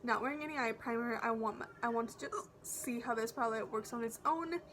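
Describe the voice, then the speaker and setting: Excitable young woman gushing over makeup. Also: a little high, fairly quick, slight background noise. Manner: gushing, excitable, drops to whispers. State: has the hiccups. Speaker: beauty vlogger. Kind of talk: casual makeup vlog.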